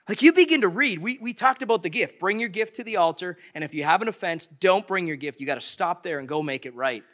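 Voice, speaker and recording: A man preaching a sermon as pastor, animated and conversational, acting out quoted voices. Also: high voice.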